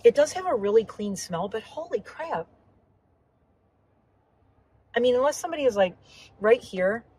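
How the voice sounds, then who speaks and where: A woman's voice: on the high side, lively intonation, fast, warm tone, husky, low-quality recording. A woman chatting casually while driving, rambling with lots of asides and a slightly sore throat. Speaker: vlogger. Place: inside a car on the road.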